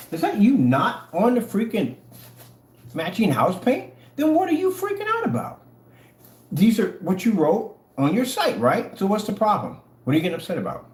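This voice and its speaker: Man, mocking rant to camera, very animated pitch, roomy sound with faint hiss. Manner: mocking, taunting, dramatic swings in tone. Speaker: online product seller. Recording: echoey room, faint noise.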